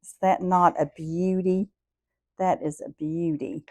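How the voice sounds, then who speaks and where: A woman's voice: lowish voice, steady tone, slow pace, warm tone, no room sound. A middle-aged woman with a Southern US accent hosts a casual cooking vlog, chatting to viewers in a homey way. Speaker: cooking show host.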